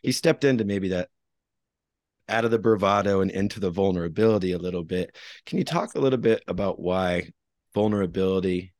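Deep-voiced middle-aged male interviewer. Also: darkish tone, dry recording, studio quality. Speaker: interview host. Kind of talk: casual interview.

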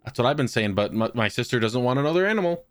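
A man's voice: medium pitch, animated, racing, no room sound, studio quality. Profane, rambling young man telling stories. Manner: rambling, profane storytelling with laughs. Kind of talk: casual chat.

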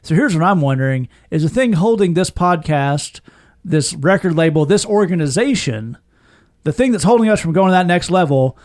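A man's voice: a little high, animated, moderate pace, a little mellow. A middle-aged man hosting a comedy podcast, teasing his co-hosts in a dry, mock-official way. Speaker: podcast host. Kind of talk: casual comedy chat.

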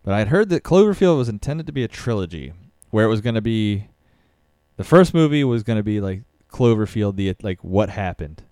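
A man co-hosts a casual podcast, rambling through his thoughts with filler words and the odd curse. His voice sits a little low and sounds smooth. The mic is close and dry. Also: sing-song, brisk, mellow, no room sound. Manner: loose, rambling, lots of "like" and swearing. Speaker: podcast co-host. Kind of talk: casual chat about movies.

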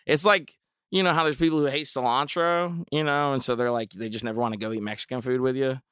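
A man's voice: medium pitch, steady tone, quick pace, fairly bright tone, clean tone, dry recording, studio quality. A man in his thirties hosting a solo podcast, rambling through jokey tangents with lots of fillers and restarts. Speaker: podcast host and middle school teacher.

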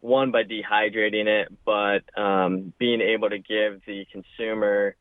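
A man answers interview questions quickly, with some ums. His voice sits low. It comes through a thin, tinny phone line with no room sound. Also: little pitch movement, no room sound. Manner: quick, with fillers. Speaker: company co-founder, guest.

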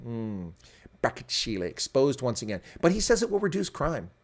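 A man's voice: mid-range voice, sing-song, moderate pace. A man hosting a daily news rundown, delivering opinionated, sarcastic commentary with open scorn.

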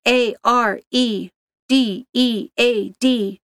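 A woman voicing a calm, matter-of-fact office worker in a spoken story. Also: fairly high pitch, a little slow, no room sound, studio quality. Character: office worker woman, level-headed, reads Morse code.

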